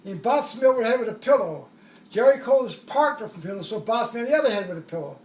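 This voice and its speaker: An older man telling a war story in a casual, rambling way, chuckling and acting out shouted quotes. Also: very high voice, lively intonation, fast talker, recorded from a distance. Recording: echoey room, voice away from the mic.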